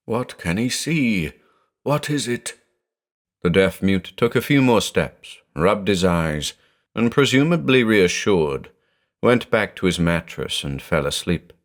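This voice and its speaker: Low voiced guy reading a horror story, slow and dramatic, lots of rise and fall. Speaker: narrator. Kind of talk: horror audiobook narration.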